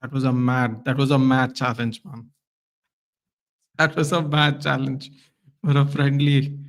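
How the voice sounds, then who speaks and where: A man hosting a live football watchalong stream, chatting casually and reacting loudly to the play with lots of slang. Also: medium pitch, flat delivery, measured pace.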